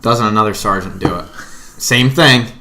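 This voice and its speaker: A young man co-hosting a casual podcast, telling stories with profane, animated energy. His voice sits low yet sounds bright and forceful. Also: moderate pace, a little hiss or hum. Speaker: podcast co-host. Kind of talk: casual storytelling among friends.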